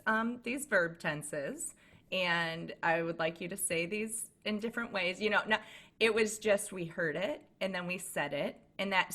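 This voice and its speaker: A playful woman hosts a casual podcast, joking and laughing easily between questions. Her voice is mid-pitched and strikingly bright. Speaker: podcast host.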